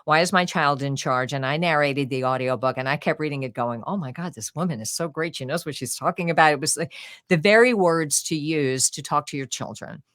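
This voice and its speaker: An older woman with a low, deep-set voice talks as a podcast guest. She tells her stories expressively and acts out what people said. The sound is close and dry, with no room around it. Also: a little fast, dry recording. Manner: expressive, animated storytelling with acted-out quotes. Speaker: guest author and audiobook narrator. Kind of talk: conversational podcast interview.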